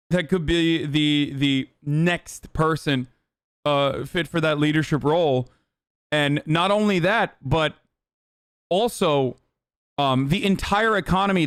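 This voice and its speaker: Man, high voice, smooth and clear, heated sarcastic rant, dry close mic. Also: a bit bright, no room sound. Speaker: streamer reacting to news. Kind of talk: casual profane political commentary.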